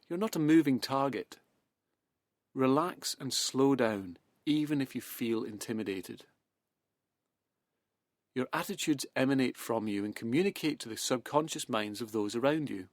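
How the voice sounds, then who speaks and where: A man with a mid-range voice speaks calm, measured self-help material that gradually turns into hypnosis, getting slower and softer along the way. The recording has no echo.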